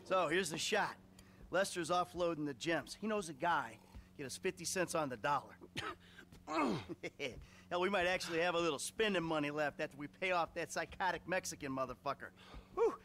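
An actor playing a smug middle-aged former criminal in a video game, talking in a relaxed, wry and evasive way. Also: male voice, a little high, normal speed, slight background noise.

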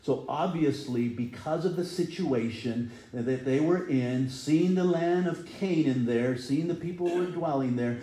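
A man's voice: fairly high pitch, measured pace, few pauses, mellow, reverberant, poor audio. A middle-aged man preaching a sermon earnestly, sometimes acting out people's cries. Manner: earnest, rises and falls in intensity, acts out quoted cries. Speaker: pastor. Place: church sanctuary.

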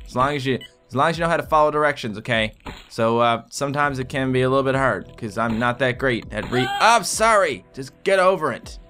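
A man giving excitable let's play commentary as he plays, swearing and yelling at his patients in a surgery game. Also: medium pitch. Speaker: gaming video host.

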